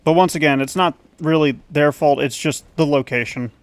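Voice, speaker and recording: A man's voice: a little high, normal speed, clear, resonant tone, dry recording. Rambling man gaming. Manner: rambling, self-conscious, chatty. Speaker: YouTuber. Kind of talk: casual gaming commentary.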